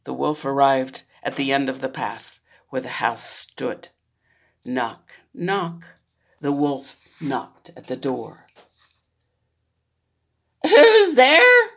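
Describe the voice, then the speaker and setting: A woman reading a children's fairy tale aloud in an expressive storyteller manner. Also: very deep voice, takes it slowly, gravelly.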